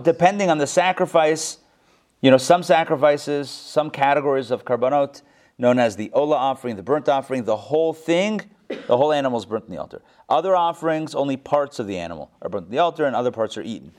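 A man casually teaching a study class, asking the group questions and making joking asides. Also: medium pitch.

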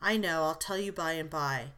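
A woman reading the lines of a gentle, shy teenage girl who speaks softly and tearfully, in an audiobook. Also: low voice, normal speed, clear, resonant tone. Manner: soft, tearful and hushed.

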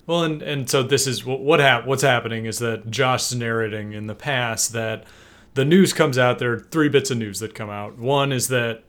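A man co-hosting a podcast in loose, casual chat, his voice sitting at an ordinary middle pitch. He rambles through a recap with restarts and the odd swear, and slips into raised, mocking voices when quoting people. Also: normal speed, fairly bright tone. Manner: rambling, profane, mimics characters with raised pitch. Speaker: podcast co-host.

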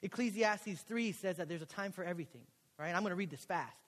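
Young male pastor, high voice, animated storytelling sermon, reverberant chapel. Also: quick pace. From Texas. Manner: animated storytelling, acts out quoted dialogue. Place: college chapel. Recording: long hall reverb.

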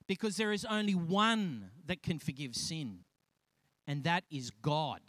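A man preaching a sermon, animated and acting out the voices of the people in his stories, with frequent restarts. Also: fairly high pitch, a little slow, no room sound. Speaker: pastor.

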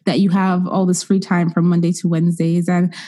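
A woman hosts a podcast interview in a relaxed, friendly way. Her voice is mellow and warm. She encourages her guest and steers the talk with easy questions. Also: on the low side, a little fast. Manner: chatty, encouraging, laughs easily. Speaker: podcast host.

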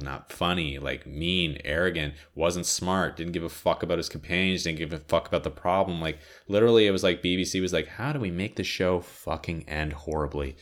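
Very deep-voiced man rambling about TV. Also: fairly bright tone. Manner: rambling, heavy filler words, frequent swearing. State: tired, sniffly. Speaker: podcaster reviewing TV shows. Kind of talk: rambling casual chat.

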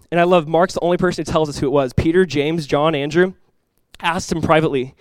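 Fast-talking pastor, casual preaching. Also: male voice, fairly high pitch, no echo, low-quality recording. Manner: casual, animated preaching with playful voiced asides. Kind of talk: sermon.

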